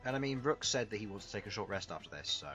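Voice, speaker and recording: A man dungeon master narrates a tabletop game session with an animated, rising and falling delivery. He laughs often as he calls the rolls and describes the fight. Soft music plays behind him. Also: fairly low pitch, very fast.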